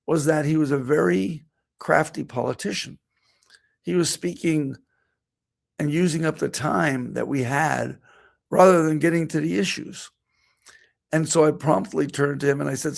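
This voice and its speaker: A middle-aged veterinarian with a somewhat high voice and vocal fry tells a personal story during a talk, quoting what he and others said along the way.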